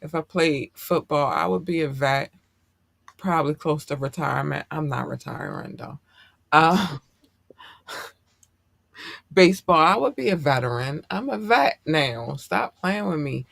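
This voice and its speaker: Bright, excitable male podcast host. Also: fairly high pitch, a little slow, gravelly, pauses often, no echo. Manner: excitable, slangy, heartfelt. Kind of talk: casual podcast chat.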